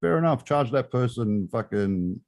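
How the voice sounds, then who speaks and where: A man's voice: mid-range voice, expressive, normal speed, darkish tone. A man chatting on a live stream, ranting bluntly and swearing heavily. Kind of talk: casual chat, ranting.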